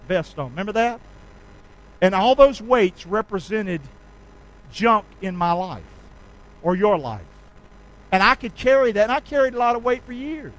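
A male pastor preaching a sermon, leading his congregation in call-and-response and swinging from shouts to quiet asides. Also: high voice, rough recording. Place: church sanctuary.

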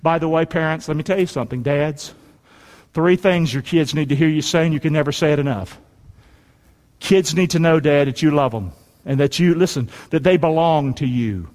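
A male pastor preaching a sermon in a folksy, emphatic way, calling for amens and swinging between shouts and quiet asides. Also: a little high. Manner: call-and-response preaching, asks the congregation for amens. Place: church. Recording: preaching in a reverberant hall.

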